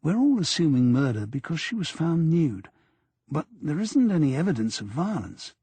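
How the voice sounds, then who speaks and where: A man voicing a quietly ambitious inspector who puts forward his thoughts with care. The voice is husky and dry. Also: a little high, very animated, normal speed, no room sound, pitched above the performer's own voice, heavily acted. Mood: tentative. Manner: tentative, careful suggestions.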